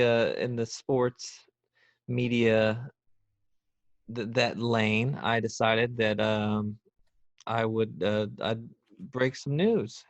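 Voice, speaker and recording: A man's voice: mid-range voice, no room sound, highs cut off. A man as a podcast guest in casual chat, joking and rambling with lots of restarts.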